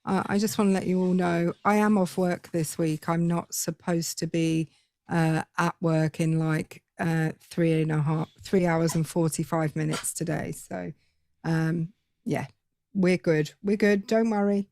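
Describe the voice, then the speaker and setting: A woman with a British accent, co-hosting a casual live-stream chat and explaining things with quick asides. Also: on the low side, fairly even intonation, mellow, no room sound, studio quality. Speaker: co-host.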